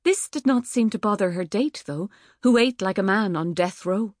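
A woman reading an audiobook in a measured, wry manner. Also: mid-range voice, lively intonation, no echo, clean studio sound. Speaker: audiobook narrator. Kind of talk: scripted narration. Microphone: studio microphone.

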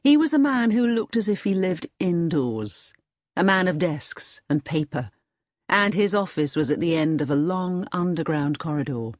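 A woman narrating an audiobook in a clear, expressive storytelling manner. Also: lowish voice, normal speed, dry recording, studio quality. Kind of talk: audiobook reading.

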